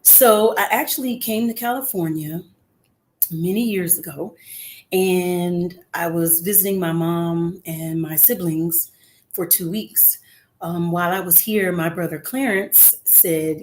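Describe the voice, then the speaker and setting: A woman's voice: lowish voice, unhurried, a little mellow. A middle-aged woman, a guest singer, talking casually in an interview over a remote call, earnest and encouraging with frequent filler words.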